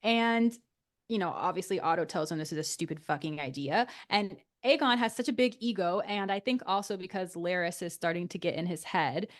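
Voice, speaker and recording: A young woman co-hosting a casual gossip podcast, chatty and animated, swearing freely. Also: on the low side, brisk. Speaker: podcast co-host.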